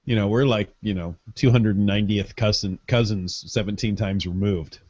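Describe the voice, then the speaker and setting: A man's voice: on the low side, fairly even intonation, moderate pace, darkish tone, no room sound. A man co-hosting a podcast in casual chat, tossing in dry, wisecracking asides. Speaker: podcast co-host. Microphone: microphone on a stand. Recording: muffled podcast audio.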